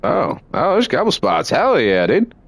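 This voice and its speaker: A young man giving casual, excitable let's play commentary, swearing freely as he plays. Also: on the high side, moderate pace, dry recording. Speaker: gamer.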